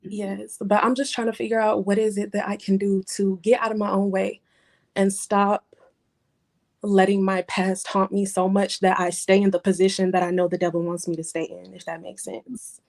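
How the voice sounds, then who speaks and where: Young woman caller, 20s, some vocal fry, hesitant and teary. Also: mid-range voice, flat delivery, a little mellow. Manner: hesitant, halting, many ums and pauses. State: holding back tears. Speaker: caller seeking advice. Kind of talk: emotional personal call-in.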